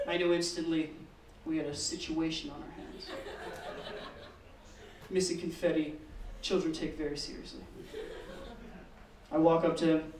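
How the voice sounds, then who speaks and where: High-voiced man doing a stand-up set. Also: normal speed, pauses often. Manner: deadpan storytelling, swearing, acting out kids in squeals. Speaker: stand-up comedian. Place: comedy open mic room. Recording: echoey room, mic heard from a distance.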